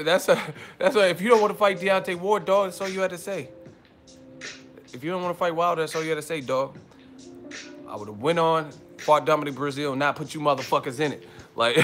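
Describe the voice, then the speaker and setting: A man in a hotel room doing a casual, hyped-up boxing vlog rant, brash and teasing, swearing freely and swinging between loud hype and low muttering. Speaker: boxing commentary vlogger.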